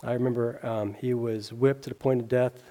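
A man preaching a sermon in a mellow, warm voice of middle pitch. He speaks earnestly, reads scripture aloud and poses questions to his listeners. He rises on key words and drops quiet at the ends of phrases. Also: fairly even intonation, normal speed. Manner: earnest, rising on scripture and dropping low at line ends; reads scripture aloud, with small slips and restarts.

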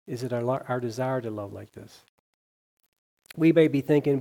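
At normal speed, a male preacher with a mellow, warm, middle-pitched voice reads scripture aloud, stumbling and restarting now and then, and asks his listeners questions. His earnest delivery rises on key words and scripture and drops quiet at the end of phrases.

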